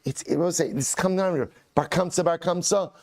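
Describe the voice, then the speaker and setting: A man's voice: a little high, brisk, a little mellow. Man, rabbi, Talmud lesson, reads Aramaic then explains in English, repeats phrases. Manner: repeats key phrases for emphasis. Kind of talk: Talmud lesson, reading and translating.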